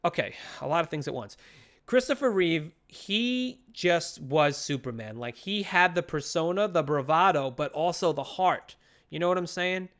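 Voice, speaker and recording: A fairly high-voiced man chats on a podcast, retelling a comic book issue with lively energy. He slips into little voices for the characters and swears freely as he goes. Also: moderate pace. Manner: animated retelling, acting out characters' lines; frequent profanity and fillers. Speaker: podcast co-host. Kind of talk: casual comic book chat.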